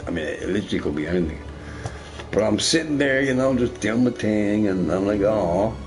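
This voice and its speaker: Middle-aged man, lowish voice, loose profane gaming-stream rant with a "right?" on every other line. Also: animated, brisk, a little mellow, soft background music. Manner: rambling, profane, tags lines with "right?". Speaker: shop boss and gamer. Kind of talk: casual rant while gaming.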